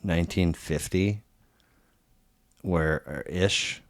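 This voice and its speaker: Podcast host, male, very low voice, laid-back and rambling, swears offhand. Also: takes it slowly. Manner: relaxed, rambling, swears casually. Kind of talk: casual conversation.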